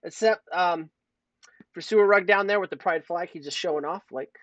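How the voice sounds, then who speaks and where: A man's voice: high voice, normal speed, a bit bright, no echo. A man co-hosting a casual livestream chat, jokey and rambling, laughing often as he reads out the chat. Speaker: podcast co-host. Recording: dull lo-fi stream audio.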